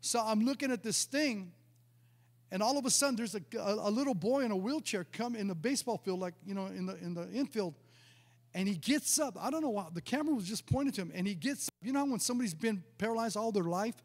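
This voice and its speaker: A man's voice: high-pitched, lively intonation, fast talker, long reverb tail. A male pastor preaching a sermon, telling a personal testimony in a storytelling way, often stumbling and repeating words. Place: church sanctuary.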